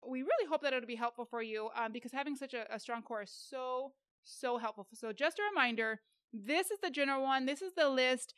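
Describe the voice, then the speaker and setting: A woman's voice: high-pitched, a little fast, a bit bright, clear, resonant tone, no room sound, studio quality. A woman co-hosting a faith-based self-help podcast, talking to listeners in a direct, upbeat and encouraging way. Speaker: podcast co-host.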